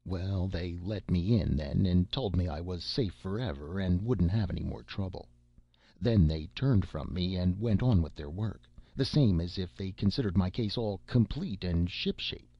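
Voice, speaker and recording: A man's voice: sits low, normal speed, breathy edge, dry recording, highs cut off. A man reading a classic satire aloud in a folksy first-person storytelling manner with rustic grammar. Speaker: narrator.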